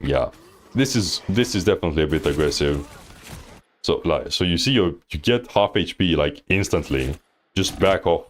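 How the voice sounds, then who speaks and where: A man with a notably deep, low-pitched voice talks through a viewer's match like a livestream coach. He keeps it loose and slangy and often breaks into teasing laughter. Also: expressive, moderate pace, slight background noise. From Thailand. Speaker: game coach reviewing gameplay. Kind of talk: casual livestream coaching commentary.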